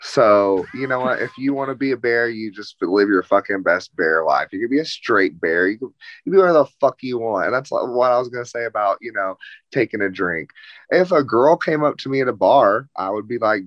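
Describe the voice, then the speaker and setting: A man's voice: mid-range voice, animated, fairly quick, no room sound, highs cut off. A man in a casual chat, talking bluntly and flamboyantly, with lots of swearing.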